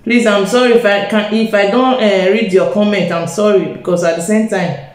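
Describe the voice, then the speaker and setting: A woman's voice: mid-range voice, fairly even intonation, moderate pace. Chatty Nigerian woman in an echoey room. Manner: chatty, talks straight to viewers, mixes Pidgin into English. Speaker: beauty vlogger. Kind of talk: live makeup tutorial.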